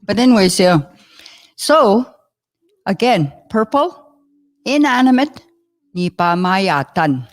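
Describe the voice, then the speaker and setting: With a medium-pitched, sing-song voice, a woman patiently works through new words in a slow lesson. She sounds each one out with care and fills the gaps with chatter and frequent chuckles.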